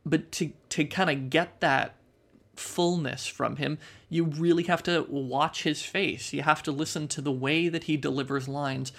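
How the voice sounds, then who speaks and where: A man's voice: on the high side, steady tone, a little slow, gravelly, a bit bright. A man co-hosting a podcast, talking in a thoughtful way and restarting his sentences often. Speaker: podcast co-host. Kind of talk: casual chat.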